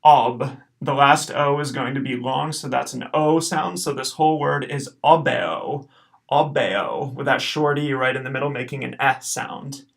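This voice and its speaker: A man teaching a recorded language lesson, patiently explaining and slowly repeating each word. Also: mid-range voice, flat delivery, creaky, a bit bright. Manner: patient, encouraging, slows to repeat words. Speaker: Latin teacher.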